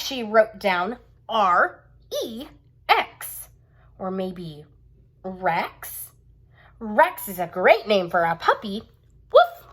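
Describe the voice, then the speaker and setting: A young woman teacher reading a bedtime story aloud to children, stopping to ask them questions. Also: mid-range voice. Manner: warm, slow, asks children questions.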